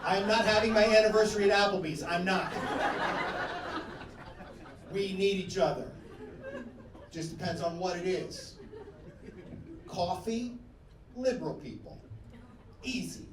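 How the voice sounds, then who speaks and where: Stand-up comic, male, high voice, profane riffing; echoey noisy club sound. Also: measured pace, long pauses, far from the mic. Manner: loose, profane, riffing with crowd laughter. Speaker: stand-up comedian. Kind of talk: stand-up comedy set. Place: comedy club stage. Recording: echoey venue, mic heard from afar, noisy.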